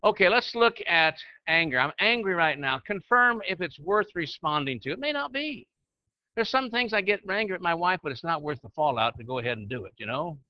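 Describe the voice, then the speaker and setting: A man's voice: fairly high pitch, animated, fairly quick, dry recording, lo-fi sound. A man teaching church leaders in a conversational preaching style, often asking his listeners questions. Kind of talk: sermon-style teaching with slides.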